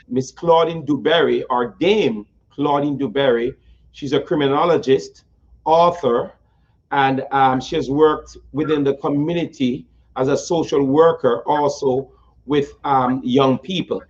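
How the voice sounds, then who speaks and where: A man's voice: mid-range voice, measured pace. Effusive, playful male host on a slightly muffled line. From United States. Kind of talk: interview talk show.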